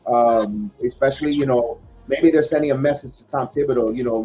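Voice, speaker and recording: A man's voice: medium pitch, steady tone, fairly quick, faint music behind. A man hosting a casual sports podcast, talking in a rambling way with lots of fillers and restarts. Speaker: podcast host. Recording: dull lo-fi podcast audio.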